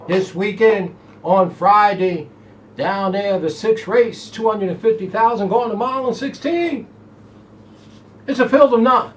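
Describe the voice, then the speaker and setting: Soft jazz runs under this studio horse racing preview, where the host, a man whose voice sits high, talks a little slowly. He's excitable and folksy, delivering a monologue and reminding himself to simmer down.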